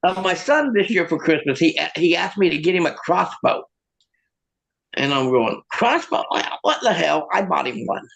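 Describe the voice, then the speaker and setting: A man with a raspy, fried edge to his slightly raised voice tells self-mocking jokes. He chuckles at his own punchlines, heard through a video call. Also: fairly high pitch, lively intonation, moderate pace, fairly bright tone, poor audio. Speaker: stand-up comic and magician. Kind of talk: stand-up comedy over a video call.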